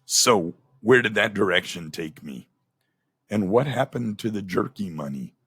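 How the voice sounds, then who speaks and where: A man's voice: on the low side, lively intonation, measured pace, fairly bright tone, slightly rough, no room sound. Man, middle-aged, former radio host, plainspoken, aggrieved storytelling, dry close sound. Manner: plainspoken, aggrieved, recounts dialogue in quotes. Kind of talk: candid personal storytelling monologue.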